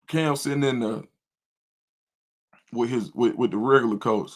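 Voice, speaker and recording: Middle-aged man, animated livestream storyteller and host. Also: normal speed, pauses often. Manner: animated storyteller, jumps to high loud voice when quoting himself. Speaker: volunteer youth football coach and show host.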